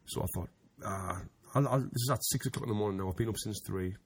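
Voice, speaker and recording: A man's voice: fairly low pitch, steady tone, rapid-fire. A man telling a rambling anecdote in casual chat, restarting often and laughing as he goes. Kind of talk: casual storytelling.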